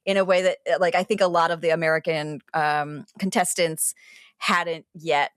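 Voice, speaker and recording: A woman, a TV critic and podcast co-host, explaining a show in animated casual chat, full of asides and restarts. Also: deep voice, moderate pace, clear, resonant tone, no room sound, studio quality.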